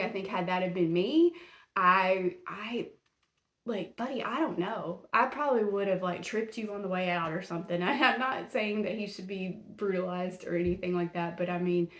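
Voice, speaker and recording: A woman with a mid-range, slightly bright voice hosts a true-crime podcast. In casual commentary she's blunt and indignant, scolding the accused directly, and the recording has a roomy echo.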